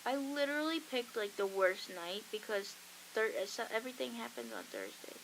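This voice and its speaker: Against a noisy background, this young woman talks at a normal speed in a medium-pitched voice full of big pitch swings. As host of a college radio show, she chats casually and acts out the voices of characters in her stories.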